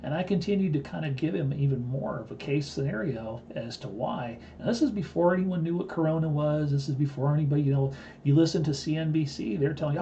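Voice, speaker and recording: A man in his fifties with a gravelly, dark voice that sounds rough at the edges. He talks to his live-stream viewers in a blunt, boastful way, full of asides and restarts, and the audio has a dull, lo-fi quality. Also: a little high, fast, a little hiss or hum. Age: 50s. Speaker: live-stream host and trading teacher. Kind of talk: casual live-stream storytelling.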